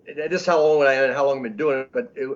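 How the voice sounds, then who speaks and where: A man in his sixties telling stories as an interview guest, rambling and halting with many restarts. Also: medium pitch. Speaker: comedian guest. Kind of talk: casual storytelling interview. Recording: dull lo-fi audio.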